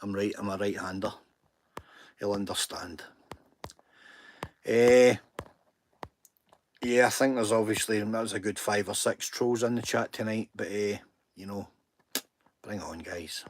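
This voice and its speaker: Hosting a laid-back live stream, a Scottish man talks earnestly and makes self-deprecating jokes in a chatty way. He speaks on the low side with fairly even intonation, unhurried and pausing often, against a slight hiss or hum.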